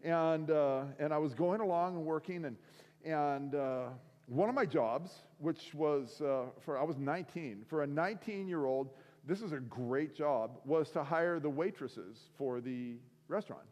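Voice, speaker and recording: A middle-aged man from the Seattle area gives a sermon as a relaxed, self-mocking storyteller who uses many fillers. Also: a little high, unhurried. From Seattle area, USA. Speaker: week of prayer speaker. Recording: long hall reverb.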